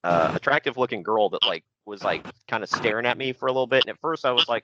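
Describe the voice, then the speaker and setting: A man's voice: mid-range voice, rapid-fire, hardly any pauses, muffled recording, background noise. A man in casual podcast chat, telling rambling stories between laughs. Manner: laughing storyteller, loose and rambling. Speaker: podcast co-host.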